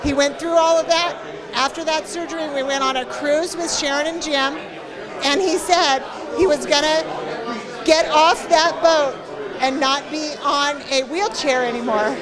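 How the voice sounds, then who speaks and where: A woman's voice: sits high, steady tone, unhurried. A woman at a party telling a fond, emotional story about a late friend and laughing between sentences. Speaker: party guest sharing memories. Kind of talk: casual spoken tribute. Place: indoor party venue. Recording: busy party crowd behind.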